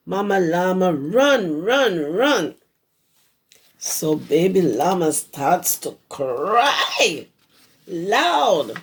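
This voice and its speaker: A hoarse woman who teaches preschool, reading a picture book aloud to young children and stopping to explain words. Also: lowish voice, sing-song, extremely slow. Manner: explains words to small children as she reads. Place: her home.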